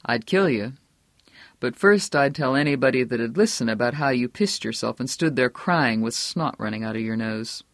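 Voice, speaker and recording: A narrator puts on a bullying small-town boss, a grown man who threatens in a low, slow drawl that hardens into barked orders. The sound is dry and close, with no room around it. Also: expressive, no echo, close to an everyday voice. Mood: quiet menace. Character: menacing small-town male politician, bullying. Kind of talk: audiobook character voice.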